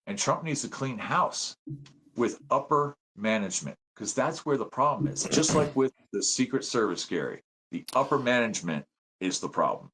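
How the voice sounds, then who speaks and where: A man in his fifties from the United States, a guest telling stories in a casual interview, excitable and acting out the voices he quotes. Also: medium pitch, normal speed, breathy edge. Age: 50s. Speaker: podcast guest, veteran and citizen journalist.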